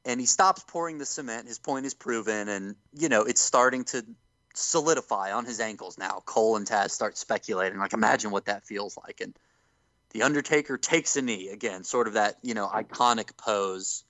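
A man in casual chat, retelling events in an animated way and acting out quotes as he goes. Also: fairly low pitch, normal speed, no echo. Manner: animated storyteller who acts out quotes. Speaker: podcast co-host recapping wrestling.

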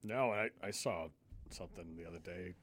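A man's voice: low voice, moderate pace, no echo. A man co-hosting a podcast in casual chat, reacting with short exclamations. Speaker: podcast co-host.

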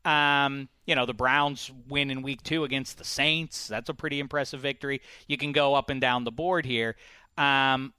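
A man hosting a sports talk show in a bright, clear voice, recorded close and dry. He argues with animated swings in pitch and presses his co-host with pointed questions. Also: normal speed, dry recording. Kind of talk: sports radio debate.

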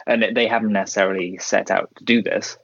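A man's voice: lowish voice, fairly even intonation, a little fast, gravelly, a bit bright, no echo. A man co-hosting a podcast, chatting casually and agreeably, often laughing along. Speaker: podcast co-host. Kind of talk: casual watchalong chat. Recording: dry, dull lo-fi audio.

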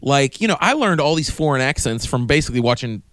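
A man's voice: medium pitch, very animated, fast talker, fairly bright tone, no room sound. A middle-aged man co-hosting a podcast, telling stories in casual chat and acting out the voices of the people in them. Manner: storytelling, acts out quoted voices, laughs often. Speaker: podcast co-host.

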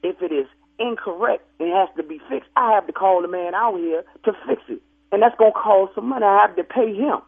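A man with a husky, high voice answers in quick, exasperated bursts over a thin phone line. He keeps insisting on calm while defending himself. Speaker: funeral home worker. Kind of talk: comedic phone argument.

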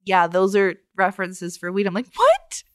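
A woman's voice: mid-range voice, little pitch movement, normal speed, clean tone, dry recording. Playful woman on a dry mic. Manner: playful, sings snatches of songs. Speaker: podcast co-host. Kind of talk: casual chat.

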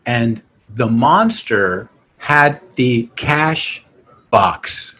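A man's voice: mid-range voice, drawn-out words, slightly rough. A man co-hosting a podcast, chatting casually about an old horror movie, laughing often and acting out the characters. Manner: laughing, animated, acts out characters. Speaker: podcast co-host.

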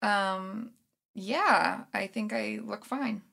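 A woman's voice: medium pitch, drawn-out words, vocal fry, fairly bright tone. A woman co-hosting a comedy podcast, patient and dry, growing exasperated with her host.

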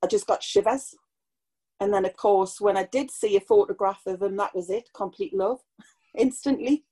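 A woman's voice: mid-range voice, moderate pace, warm tone, husky. Chatty Geordie woman in her sixties. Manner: chatty and nostalgic, laughing often. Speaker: guest. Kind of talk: casual conversational interview.

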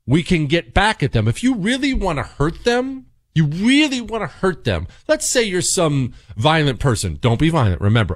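A man's voice: mid-range voice, dry recording, studio quality. Fiery, emphatic male talk radio host. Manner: emphatic, fiery and blunt, with rising outbursts. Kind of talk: talk radio commentary reading listener mail.

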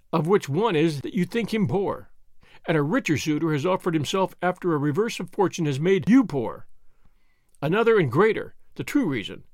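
Grave, righteous older father, played by a man, measured and solemn, animated pitch. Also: dry recording, studio quality.

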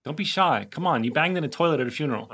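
A man's voice: fairly high pitch, expressive, very fast, a bit bright. A man co-hosting a podcast, teasing his guests in casual banter and slipping into comic impressions. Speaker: podcast co-host.

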